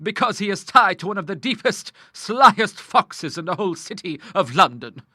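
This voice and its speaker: A man voicing a stern, grim older woman in an audiobook, speaking with forceful scorn. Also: high-pitched, very animated, moderate pace, no room sound, studio quality, pitched above the performer's own voice, heavily acted. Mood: vehement. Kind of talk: audiobook character voice.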